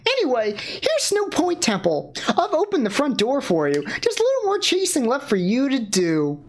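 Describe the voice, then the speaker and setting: A woman's voice: sits high, huge pitch swings, normal speed, voice pushed up, exaggerated voice. Woman voicing a game NPC: eerie clairvoyant young woman, playfully menacing, swooping voice. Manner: sing-song, playfully menacing.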